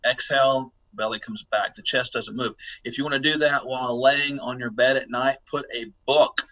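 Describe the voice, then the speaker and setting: Guy on a podcast giving health advice, bright punchy voice, kinda muffled lo-fi line. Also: medium pitch, steady tone, moderate pace. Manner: emphatic, instructive, coaching listeners. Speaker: health expert guest. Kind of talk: podcast interview.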